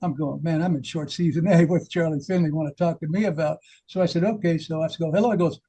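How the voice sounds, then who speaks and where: An older man, a former minor league manager, telling an animated story in casual chat and laughing along with it. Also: a little high, quick pace, few pauses, slightly rough, rough recording.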